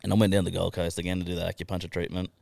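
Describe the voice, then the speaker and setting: A man's voice: deep voice, completely flat delivery, very fast, creaky, a little mellow, dry recording, studio quality. An Australian man, a podcast guest, telling his life story in a casual, profane way and laughing now and then. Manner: swears constantly, laughs through his story.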